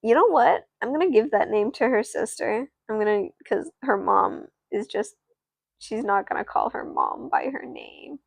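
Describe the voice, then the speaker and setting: A woman's voice: a little high, moderate pace, vocal fry, no echo. Woman voicing a cold, scolding mother.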